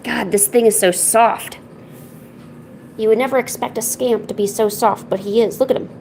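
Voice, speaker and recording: Chatty woman streamer with a gravelly voice. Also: fairly high pitch, fairly even intonation, moderate pace, a little mellow, slight background noise, rough recording. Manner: chatty, scolding a cat in a mock-stern voice. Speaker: art streamer. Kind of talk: casual chat while streaming.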